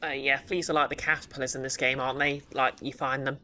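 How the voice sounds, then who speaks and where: A woman's voice: very deep voice, level tone, fast, pushed and bright. Chatty woman streaming a game. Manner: chatty, rambling with many fillers. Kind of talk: casual game stream chat.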